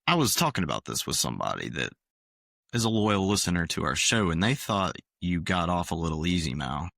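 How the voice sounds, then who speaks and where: A man with a very low, bright-edged voice, co-hosting sports talk in an easygoing, hesitant way. The recording is dry and close. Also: very animated, gravelly, dry recording. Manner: measured, hesitant, many fillers. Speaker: podcast co-host. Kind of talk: casual sports chat.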